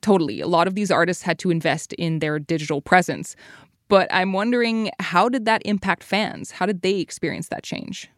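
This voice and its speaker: A woman's voice: on the low side, normal speed, dry recording. Brief: female news podcast host, inquisitive and conversational, dry, close-miked sound. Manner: curious, conversational questioning. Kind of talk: interview questions.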